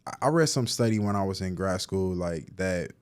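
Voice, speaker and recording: Animated storytelling man, low voice. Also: moderate pace, clear, resonant tone. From Cleveland, Ohio. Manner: animated storytelling, slangy, many "like"s and restarts. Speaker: guest, therapist and poet. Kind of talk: casual conversational interview.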